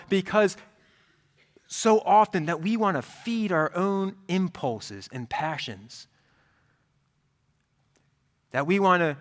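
Pastor guy preaching, chatty and lively, voice a bit high, big echoey hall. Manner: conversational, animated preaching. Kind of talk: sermon. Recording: reverberant hall.

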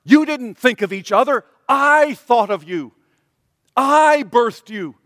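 A man's voice: very high-pitched, expressive, takes it slowly, a bit bright, no echo, studio quality, big-room sound, voice pushed up, heavily acted. A man voicing a tender, pleading divine speaker in the middle of a sermon.

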